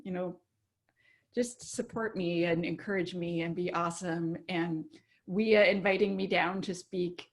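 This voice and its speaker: A woman guest on a podcast telling a story casually, laughing often and acting out what others said in a lively way. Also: lowish voice, measured pace.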